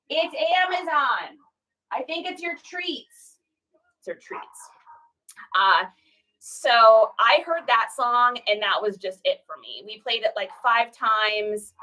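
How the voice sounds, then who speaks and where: A woman's voice: medium pitch, sharp tone, far from the mic, dull audio. A woman in her forties from Washington State, chatting casually in a rambling way while packing orders, and breaking off now and then to talk to her pet. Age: 40s. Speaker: online reseller host.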